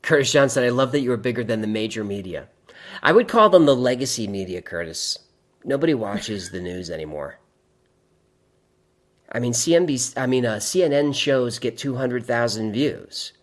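Hosting a chatty livestream, a man with a mid-range voice and lively intonation reads out viewer comments at normal speed. He wanders into wry tangents and frequently cracks up at his own jokes.

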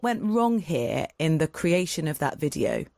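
Female interviewer, persistent and probing, low voice with animated pitch. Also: a little slow, creaky, no echo, clean studio sound. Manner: pressing, probing questions. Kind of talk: political interview.

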